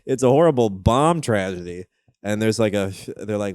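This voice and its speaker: Young male comedy podcast host, lowish voice, dry close sound, animated storyteller. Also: moderate pace, no echo. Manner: animated storytelling, swears, jumps up in pitch when telling anecdotes. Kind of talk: casual comedic chat.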